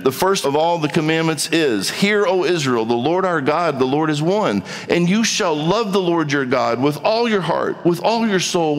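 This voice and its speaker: Pastor preaching in a reverberant hall. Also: male voice, a little high. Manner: conversational preaching, acting out dialogues with rising emphasis. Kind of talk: sermon.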